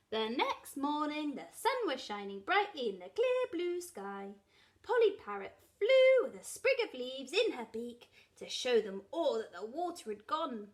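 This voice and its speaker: A woman reading a picture book aloud to young children, expressive and asking them questions along the way. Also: sits high, a little slow. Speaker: nursery storyteller.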